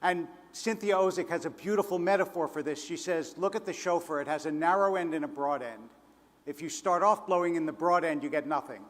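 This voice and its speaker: Male panel speaker, fairly high voice, measured anecdotal delivery, long hall reverb. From Philadelphia, United States. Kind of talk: public address at a conference.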